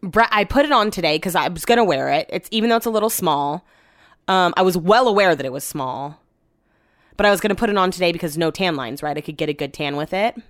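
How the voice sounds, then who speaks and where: A woman's voice: on the low side, expressive, fast, no room sound. Chatty young woman, dry close sound. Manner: chatty, rambling, exasperated retelling. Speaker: podcaster. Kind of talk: casual chat.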